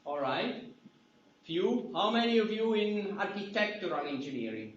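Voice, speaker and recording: A man's voice: sits high, animated, moderate pace, reverberant, distant mic, dull audio, a little hiss or hum. A man with an Italian accent giving a university lecture in a chatty way, repeating key words and checking in with "right?". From Italy. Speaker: university instructor. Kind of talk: lecture to a class. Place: lecture hall.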